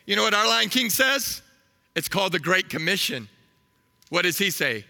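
High-voiced, animated preacher man. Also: moderate pace, creaky, in a large hall. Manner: animated, storytelling, asks the crowd questions. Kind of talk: sermon.

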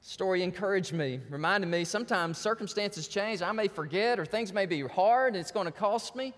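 A man's voice: sits high, normal speed, a bit bright, long reverb tail. A man preaching a sermon as pastor, telling stories animatedly and acting out the voices of the people in them.

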